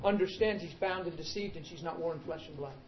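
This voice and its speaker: A man preaching a sermon in an emphatic, animated way, calling out to the congregation. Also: a little high, quick pace, roomy sound, lo-fi sound, crowd noise.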